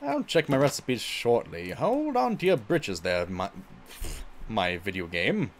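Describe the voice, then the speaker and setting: A man's voice: medium pitch, wildly swooping pitch, measured pace, slight background noise. A male streamer chatting casually while he plays a game, exclaiming at it and saying he gets stuck in a put-on voice. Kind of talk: casual gameplay chat.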